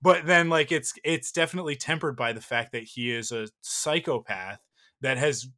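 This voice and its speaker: A man's voice: mid-range voice, normal speed, bright, forceful tone. A man in his thirties co-hosting a casual podcast chat, gushing and rambling with playful exaggeration. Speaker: podcast co-host.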